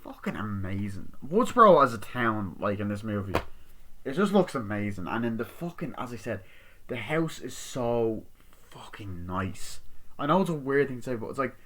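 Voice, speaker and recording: A man's voice: mid-range voice, very animated, moderate pace, a bit bright. A man giving a casual, rambling movie review, swearing often as he retells scenes. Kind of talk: casual spoken film review.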